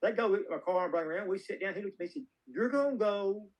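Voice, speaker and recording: A man's voice: sits high, steady tone, very fast, dull audio. A filmmaker guest in a casual interview, a man telling folksy, rambling anecdotes with plenty of restarts.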